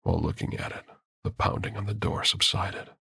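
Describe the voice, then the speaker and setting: A man reading a first-person horror story aloud as the narrator, in a slow, measured telling. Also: low-pitched, steady tone, gravelly, pushed and bright, husky, no echo, studio quality.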